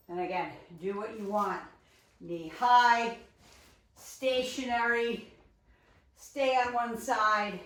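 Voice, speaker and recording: A woman's voice: mid-range voice, background noise. Breathless, chatty woman coaching a workout. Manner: encouraging, chatty cueing with frequent laughs. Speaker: fitness instructor. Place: home living room. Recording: echoey room, mic at a distance.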